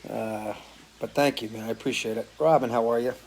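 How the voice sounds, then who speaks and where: A middle-aged man from the US Northeast chats easily with his live viewers, calling out names one after another. His voice sits at an ordinary middle pitch and sounds slightly worn after a night of singing. He talks in an unhurried, friendly way. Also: fairly even intonation, darkish tone, a little hiss or hum. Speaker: musician hosting a live stream. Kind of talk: casual chat greeting viewers. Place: porch at home.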